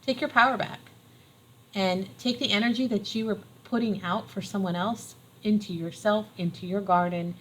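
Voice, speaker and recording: A woman's voice: mid-range voice, steady tone, normal speed, fairly bright tone, low-quality recording. A middle-aged woman giving a casual tarot reading, earnest and encouraging, repeating phrases for emphasis. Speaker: tarot reader.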